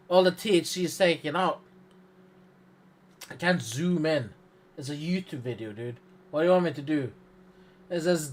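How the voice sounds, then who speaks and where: A man streaming live, reacting to a video with profane, sarcastic, rambling commentary. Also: a little high.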